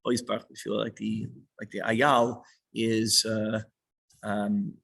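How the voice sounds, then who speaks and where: A man's voice: fairly low pitch, level tone, measured pace, gravelly, fairly bright tone, low-quality recording. A man teaching a small class who reads a line of text and then patiently unpacks it.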